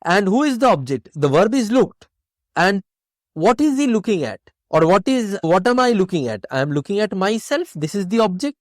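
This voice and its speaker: A man's voice: high-pitched, big pitch swings, normal speed, no echo, studio quality. A man teaching an exam-prep grammar lesson, explaining step by step and asking and answering his own questions.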